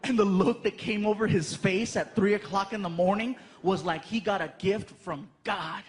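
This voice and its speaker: A man doing stand-up storytelling on stage, animated and self-mocking, acting out the people in his story. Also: sits high, normal speed. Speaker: stand-up comedian. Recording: live show with background noise.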